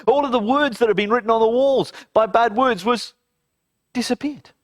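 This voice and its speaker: A man telling a story to children in an animated, dramatic way, speaking to the kids directly. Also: very high voice, normal speed, no room sound, studio quality.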